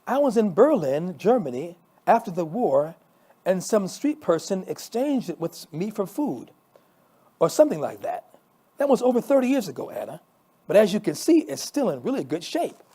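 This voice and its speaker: A man's voice: sits high, very animated, moderate pace, dark tone, husky, pitched above the performer's own voice, exaggerated voice. Nikolaj, an earnest pastor, read by a man. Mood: remembering. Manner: hesitant, chatty, with fillers. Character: middle-aged male pastor, earnest and grateful.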